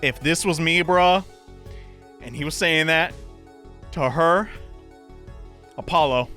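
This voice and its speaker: A man playing a video game and commenting as he goes, excitable and self-mocking, talking to himself. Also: a little high, takes it slowly, soft background music. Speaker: gaming YouTuber. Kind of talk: let's-play commentary.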